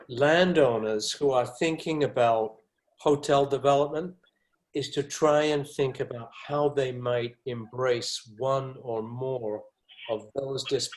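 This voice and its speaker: A man speaking as a panelist on a webinar over a video call, reflective and halting. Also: mid-range voice, rough recording.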